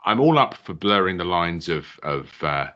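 A man's voice: sits low, very animated, moderate pace, pushed and bright. An easygoing man co-hosting a podcast, chatting casually about a wrestling show and laughing often. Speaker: podcast co-host. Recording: dull lo-fi mic.

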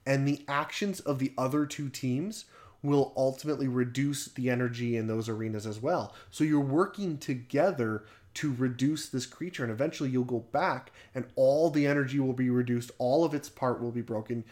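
A man co-hosting a casual podcast chat, animated, laughing often and swearing freely. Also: mid-range voice, moderate pace. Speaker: podcast co-host.

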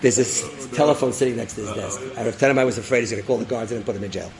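A rabbi telling a story in a sermon, animated, acting out voices and dropping in Hebrew terms. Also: male voice, mid-range voice, very fast, crowd noise, poor audio. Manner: animated storyteller, acts out characters, laughs; sprinkles Hebrew and Yiddish terms.

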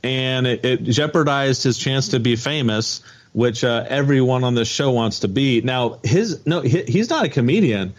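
A man co-hosts a comedy podcast with wry, mocking commentary. His voice sits at an ordinary middle pitch, and he often stops and restarts mid-thought. He keeps the tone casual and offhand. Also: moderate pace. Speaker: podcast co-host.

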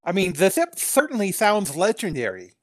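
A woman's voice: mid-range voice, huge pitch swings, moderate pace, dry recording, studio quality. A woman voicing a young, curious male dwarf who speaks formally and lisps. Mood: earnest. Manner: polite and formal, lisping "sip" for ship.

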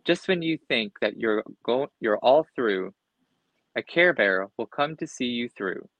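A man voicing a cheery little green bear that speaks in slow sing-song rhymes, reading a storybook aloud. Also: mid-range voice, animated, no room sound, muffled recording.

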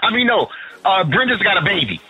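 A man's voice: high-pitched, fairly quick, breathy edge, dull audio, faint music behind. A man from Harlem talking casually and bluntly, swearing often and restarting his sentences as he argues his opinions. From Harlem, New York. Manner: animated, profane, opinionated, many restarts. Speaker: podcast co-host. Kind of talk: casual chat.

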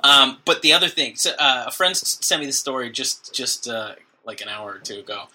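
A man co-hosting a comedy podcast in casual banter, joking and dropping into quick mock voices. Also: mid-range voice, expressive, sharp tone. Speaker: podcast co-host.

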